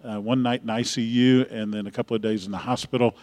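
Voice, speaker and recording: A mid-pitched man speaking as pastor to his congregation. He gives announcements and leads a prayer in a relaxed, folksy way, with plenty of fillers and restarts. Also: fast, in a large hall. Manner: folksy, warm-hearted chatter with frequent uh fillers.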